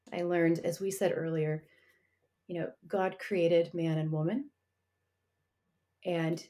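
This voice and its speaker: Earnest woman, low-pitched, laughing between thoughts. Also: a little mellow. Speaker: guest sharing her faith story. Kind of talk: reflective conversational storytelling.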